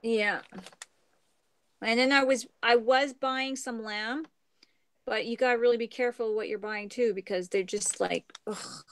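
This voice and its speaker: A middle-aged woman from Canada chatting casually on a craft livestream, meandering and trailing off into soft murmurs. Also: fairly high pitch, steady tone, moderate pace, slight background noise.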